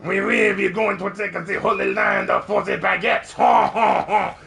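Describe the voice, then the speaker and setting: A man's voice: high voice, fairly even intonation, a little slow, gravelly, bright, forceful tone, voice pushed up, heavily acted. A man voicing a boastful male French crusader knight in an exaggerated fake French accent, cackling as he brags.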